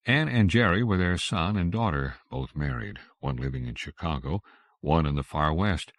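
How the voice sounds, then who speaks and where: A man narrating an audiobook in an expressive storytelling manner on a close microphone. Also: a bass voice, moderate pace, no room sound. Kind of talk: scripted narration.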